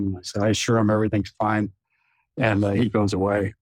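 A man, a retired general, telling a long anecdote with frequent chuckles in a relaxed podcast chat. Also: fairly low pitch, fast talker, no room sound. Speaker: retired general, former wing commander.

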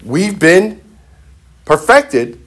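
A man's voice: high voice, sing-song, drawn-out words, a bit bright. A male pastor preaching a sermon emphatically, with repeated phrases and frequent restarts.

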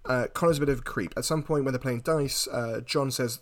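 A man's voice: medium pitch, brisk, few pauses, no echo. A man in a casual film discussion, retelling the plot at length with many restarts and fillers.

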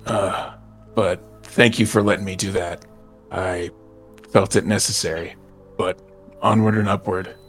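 A man's voice: low voice, steady tone, unhurried, pauses often, soft background music. A man playing a tabletop game, talking hesitantly and laughing between lines. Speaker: player. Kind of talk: tabletop role-play chat.

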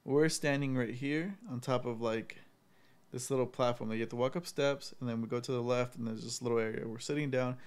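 Hombre relajado contando una anécdota. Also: male voice, mid-range voice, steady tone, fairly quick, darkish tone, clean tone. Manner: laid-back storytelling, heavy swearing and fillers. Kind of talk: casual chat.

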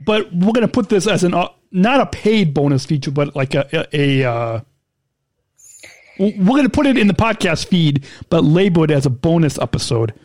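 A man's voice: fairly high pitch, big pitch swings, normal speed, darkish tone, no room sound. A man co-hosting a podcast in a casual chat, playful and teasing, who laughs often. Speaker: podcast co-host.

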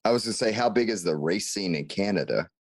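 A man's voice: deep voice, lively intonation, quick pace. A man hosting a casual interview, asking follow-up questions and laughing along with his guest. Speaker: interviewer host.

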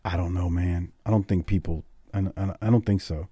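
A middle-aged man with a Southern US accent hosts a casual wrestling review, talking in an animated way with laughs and repeated words. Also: low-pitched, moderate pace, breathy edge, no room sound, clean studio sound. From Deep South, US. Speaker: podcast host.

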